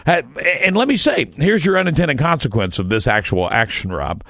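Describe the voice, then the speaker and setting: A man from Southwest Florida hosting a talk radio show, bantering in an animated, joking way. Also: mid-range voice, moderate pace, vocal fry, no room sound, clean studio sound. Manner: animated, chants a catchphrase, joking. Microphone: studio microphone.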